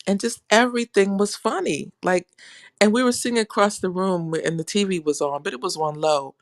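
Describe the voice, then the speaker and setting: A woman's voice: medium pitch, a little fast, no room sound. Dry-voiced woman in her fifties, laughing storyteller. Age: 50s. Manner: laughs often while telling a story. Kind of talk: casual chat, storytelling.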